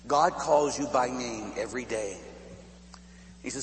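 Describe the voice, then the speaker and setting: A male priest telling a story in a sermon, laughing often and dropping to a hushed voice, from Pittsburgh. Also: mid-range voice, normal speed, long pauses. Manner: animated, laughing storyteller who drops to a hushed voice. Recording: echoey hall with faint hum.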